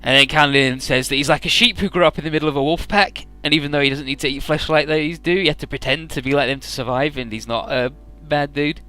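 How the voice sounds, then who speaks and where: Man, bright crisp voice, casual game story recap, swears a lot, lots of filler, faint background music. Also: a little high, fairly even intonation, quick pace, hardly any pauses. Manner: laid-back, swears freely, lots of "uh" and "he's like". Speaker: let's player summarizing a game story.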